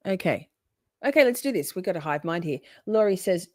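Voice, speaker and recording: A woman's voice: mid-range voice, animated, fairly quick, a little mellow, no echo, studio quality. Woman streamer, crude joking commentary. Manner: crude, profane, joking asides. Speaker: streamer reacting to a trial livestream. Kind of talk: live reaction commentary reading chat.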